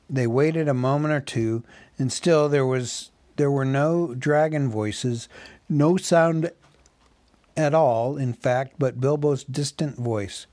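Male reader, unhurried, dry close sound, mid-pitched. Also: darkish tone, no room sound. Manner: slow, measured storytelling. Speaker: audiobook reader. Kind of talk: reading a novel aloud.

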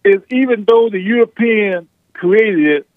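High-voiced male caller on a tinny phone line. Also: a little slow. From California. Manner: argumentative, repeats himself. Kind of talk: phone-in conversation.

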